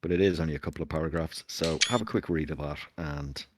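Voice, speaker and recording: A man's voice: extremely low pitch, fast, noisy background. A man running a tabletop game as game master, chatting casually with many fillers.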